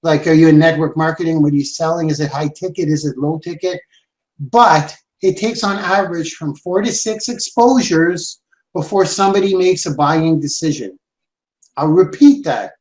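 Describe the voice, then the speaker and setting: A man giving an energetic sales training talk, repeating his key points for emphasis. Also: on the high side, normal speed. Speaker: sales and branding coach. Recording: roomy echo.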